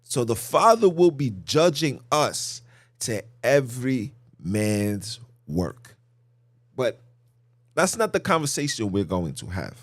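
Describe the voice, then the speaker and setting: A man's voice: mid-range voice, big pitch swings, takes it slowly. A man hosting a podcast, teaching scripture in a casual preaching style, repeating phrases and asking the listeners questions. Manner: repetitive, emphatic, rhetorical questions.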